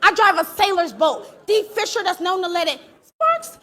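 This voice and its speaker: A woman performing a live battle rap, taunting her opponent with aggressive, shouted punchlines. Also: extremely high pitch, very animated, normal speed. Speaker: battle rapper. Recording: live event with crowd behind.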